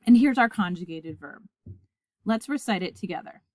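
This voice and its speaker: A woman gives a Latin grammar lesson in a clear, deliberate voice, spelling out each form slowly enough to repeat back. Her voice sits in a middle register for a woman. The sound is dry and close, with no room around it. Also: mid-range voice, expressive, a little mellow, dry recording. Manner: clear, deliberate, recites forms aloud for listeners to repeat. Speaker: Latin teacher. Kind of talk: scripted lesson narration.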